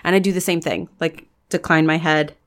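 A woman's voice: sits low, steady tone, fairly quick. Chatty woman player thinking aloud. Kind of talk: tabletop game play.

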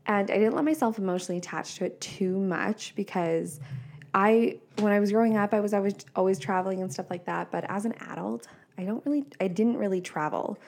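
A woman's voice: medium pitch, brisk, gravelly, a little mellow, slight background noise. A woman in her twenties hosting a casual solo podcast, chatty and laughing often, with lots of "like" fillers. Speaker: podcast host.

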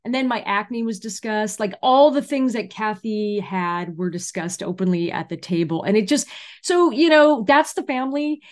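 A woman comedian from California speaks as an interview guest. She talks in an animated, chatty manner and tells stories. Her pitch sits in a middle range. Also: normal speed. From California, USA. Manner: animated, chatty storyteller who acts out quotes. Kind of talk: casual interview storytelling.

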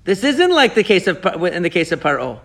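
A man leading a Torah class discussion, explaining the text with animated rhetorical questions and quoting Hebrew verses. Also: high voice, brisk, gravelly. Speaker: Torah teacher.

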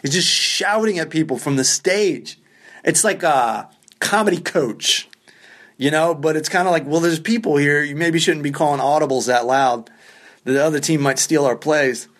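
A male stand-up comedian with a slightly high voice, spinning a loose, rambling story on his podcast. He mocks himself and swears freely in a relaxed, offhand way. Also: normal speed. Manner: rambling, self-deprecating, profane. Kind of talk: casual storytelling.

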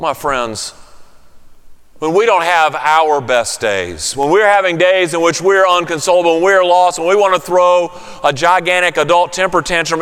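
A man preaching a sermon, telling a story, then softening to a hushed, soothing voice. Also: on the high side, clean tone, in a large hall. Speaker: pastor.

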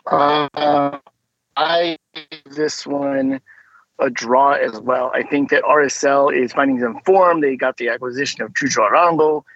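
A man on a casual sports prediction podcast, giving relaxed, reasoned picks. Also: medium pitch, dry recording, lo-fi sound. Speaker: panelist.

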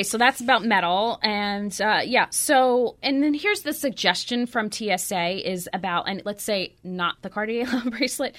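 Speaking in a somewhat high, slightly bright voice, a middle-aged woman on the radio chats in a relaxed way. Her talk is anecdotal and peppered with frequent fillers.

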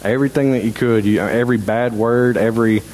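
A man preaching a sermon in a church in a halting, conversational way, full of restarts. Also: medium pitch, fairly even intonation, a little mellow, slight background noise, rough recording. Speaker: pastor. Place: church sanctuary.

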